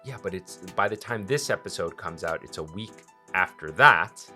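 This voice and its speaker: Bright-voiced joking podcast host man. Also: sits low, lively intonation, normal speed, soft background music. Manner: joking, teasing, upbeat. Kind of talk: casual chat.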